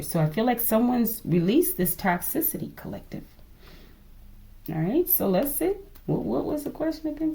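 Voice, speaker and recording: A woman's voice: mid-range voice, vocal fry, warm tone, slight background noise. A woman giving a casual tarot reading to her viewers, musing aloud, asking the cards to show her and often calling her audience "collective". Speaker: tarot reader.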